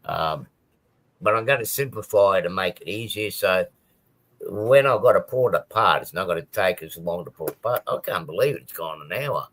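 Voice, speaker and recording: A man's voice: deep voice, expressive, normal speed, fairly bright tone. A man chatting casually on a live stream about his model railway, rambling with many ums and restarts.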